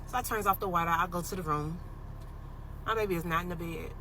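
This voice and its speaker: A woman's voice: lowish voice, fast, slight background noise, poor audio. A woman in her thirties telling a personal paranormal story in a casual, emotional storytime vlog, with lots of "like" fillers. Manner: emotional, animated retelling with many "like" fillers. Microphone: phone.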